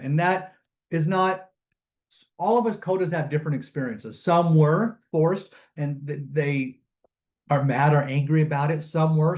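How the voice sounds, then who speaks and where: Animated man telling a story, lo-fi. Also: fairly high pitch. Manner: animated storytelling, acts out quotes. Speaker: guest storyteller and sign language interpreter. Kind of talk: personal storytelling on a webinar.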